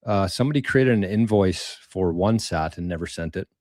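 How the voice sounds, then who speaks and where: A man's voice: low-pitched, moderate pace, darkish tone, no echo, studio quality. A man hosting a casual live stream, thanking viewers for tips in a rambling way, repeating words and using mild slang. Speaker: livestream host reading viewer tips.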